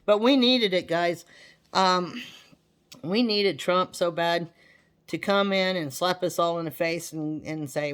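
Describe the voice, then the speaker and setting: A woman talking casually to her viewers, chatty and animated, often repeating herself. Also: lowish voice, slow, smooth. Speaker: vlogger. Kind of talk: casual talk to camera.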